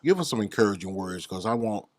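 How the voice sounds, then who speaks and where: A man's voice: on the low side, lively intonation, quick pace, slight background noise. A man hosting a casual interview, backing his guest with amens and yeahs and asking questions. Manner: affirming, answers with amens and yeahs. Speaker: podcast host.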